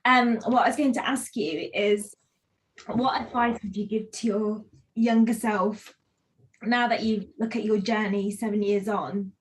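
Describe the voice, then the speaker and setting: A woman's voice: medium pitch, fairly even intonation, a little slow, low-quality recording. A woman moderating a careers panel who is losing her voice, asking friendly, conversational questions over a video call.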